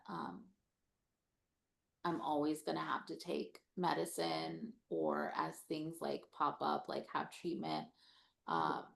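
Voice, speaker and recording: Soft-spoken woman with heavy vocal fry. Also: deep voice. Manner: soft, halting, trails into whispers. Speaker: panelist, parent living with cancer. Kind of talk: panel discussion.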